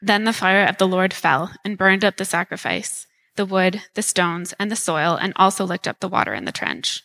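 A woman giving a steady, measured scripture reading in a service. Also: medium pitch. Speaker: scripture reader.

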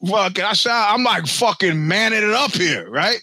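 A man's voice: sits high, expressive, normal speed, sharp tone, dry recording. A man around sixty, a podcast host, telling a long personal story in a rambling, profane, self-mocking way.

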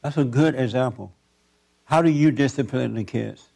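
A man's voice: medium pitch, normal speed, gravelly, dark tone. A man counseling a guest, asking probing questions, repeating her answers back and now and then joking. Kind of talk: probing one-on-one conversation.

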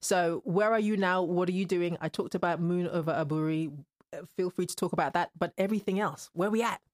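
Interview host, mid-pitched, brief and encouraging. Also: a little fast. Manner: warm listener, brief affirmations. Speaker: podcast host. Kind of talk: conversational interview.

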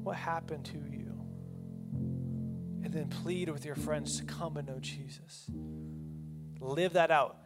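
A man preaching a sermon at a church service, speaking in an earnest, pleading way. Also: on the high side. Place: church service with a worship band. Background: guitar music.

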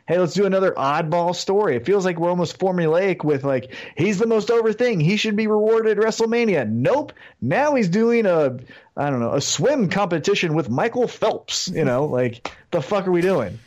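A man's voice: high-pitched, animated, normal speed, muffled recording. A man co-hosting a wrestling podcast, ranting animatedly with plenty of swearing in casual chat. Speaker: podcast co-host.

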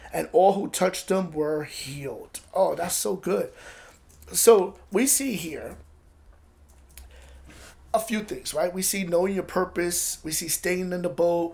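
A man preaching a casual, conversational sermon, reading scripture aloud and breaking off for quick asides. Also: high voice, a little mellow.

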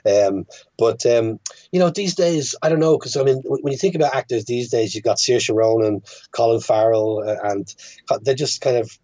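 A man's voice: medium pitch, normal speed, dark tone, no room sound. A man with a Dublin Irish accent, a filmmaker speaking as a podcast guest, thinking aloud and often restarting his sentences. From Ireland. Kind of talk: casual podcast conversation. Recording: dull, muffled podcast audio.

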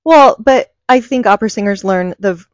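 A woman co-hosting a podcast in casual chat, agreeable and quick to laugh, prompting her partner with questions. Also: medium pitch, dry recording. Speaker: podcast co-host. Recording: dry, dull lo-fi sound.

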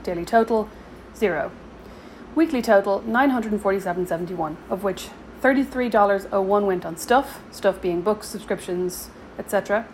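A woman's voice: mid-range voice, normal speed, a little hiss or hum, rough recording. A woman, reading her weekly spending diary aloud with dry, sarcastic asides and a slight sore throat. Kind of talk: scripted diary narration.

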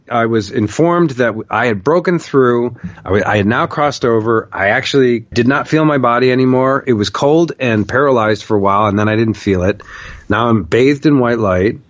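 A man telling a personal story in a candid, profane way, his talk full of "like" and loose restarts. His voice sits at an ordinary middle pitch. The audio is dry and a little dull. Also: no room sound. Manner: candid, profane, with frequent "like" fillers. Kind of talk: casual storytelling.

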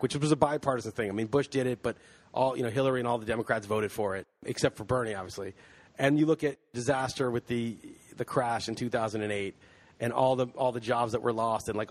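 A man hosting a podcast in casual chat, heated and ranting, swearing freely. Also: mid-range voice. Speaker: podcast host.

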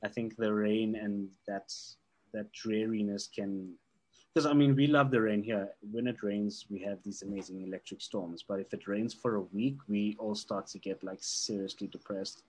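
A man's voice: on the low side, steady tone, normal speed, poor audio. A man hosting a podcast, chatting casually over a video call, rambling and laughing often. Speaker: podcast host. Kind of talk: casual chat.

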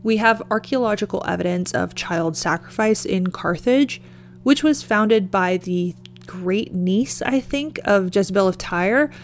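A woman's voice: medium pitch, lively intonation, measured pace, a little hiss or hum. A woman hosting a history podcast, musing and thinking aloud, raising open questions as she goes. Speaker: podcast host. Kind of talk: conversational history commentary.

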